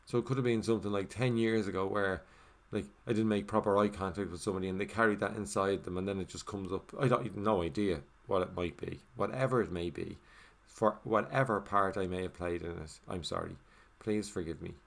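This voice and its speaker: Male voiceover, very low register, loose conversational delivery with fillers, murmurs the meditation phrases. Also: fairly quick, vocal fry, few pauses. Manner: casual, with many fillers like "you know" and "like"; drops to a soft murmur when repeating the meditation phrases. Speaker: English voiceover for a signed video. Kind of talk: reflective first-person voiceover.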